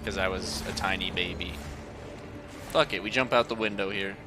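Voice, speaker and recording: A man's voice: deep voice, normal speed, over music. A young man streaming a game, chatting casually with viewers, laughing often and swearing freely. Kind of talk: casual chat while gaming.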